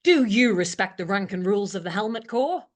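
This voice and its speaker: A woman's voice: mid-range voice, animated, brisk, lightly acted. A woman playing a strict, smug female deck sergeant in an audio comedy, commanding and officious. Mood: bossy.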